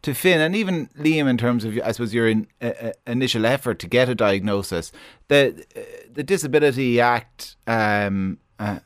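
A man hosting a radio interview, friendly and a little halting. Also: mid-range voice, animated, dry recording, studio quality. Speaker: radio host.

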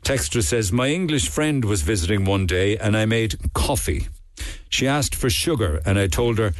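A Cork man hosting a call-in radio show, reading listeners' texts aloud in a chatty, amused way. His voice sits fairly low and sounds close and dry, recorded on a studio mic. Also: expressive, moderate pace, no room sound. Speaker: radio talk show host.

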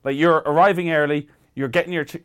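A man's voice: a little high, fairly even intonation, quick pace, smooth. A man, a podcast co-host chatting about parenting, often laughing and mimicking his own exasperated reactions. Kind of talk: casual chat.

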